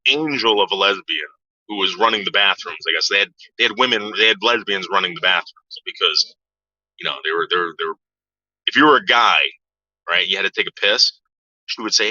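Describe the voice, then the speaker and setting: A man's voice: fairly low pitch, bright, forceful tone, no room sound. A man telling a story from his past in a casual, profane way, acting out the voices of the people he quotes. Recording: dull lo-fi sound.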